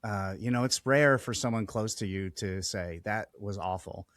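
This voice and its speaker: A fairly low-voiced man hosts a relaxed podcast conversation. His speech comes with frequent restarts and hesitations, and his sentence ends tend to fade away. The sound is dry and close, with no room around it. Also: normal speed, dry recording. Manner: hesitant, restarts often, trails off softly. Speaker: podcast host. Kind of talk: casual conversational interview.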